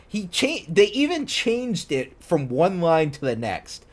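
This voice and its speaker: A man's voice: high voice, wildly swooping pitch, a little slow, hardly any pauses. A man streaming himself reading fan fiction aloud, stopping to mock it in disbelief and breaking into laughter. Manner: incredulous, mocking, breaks into laughter.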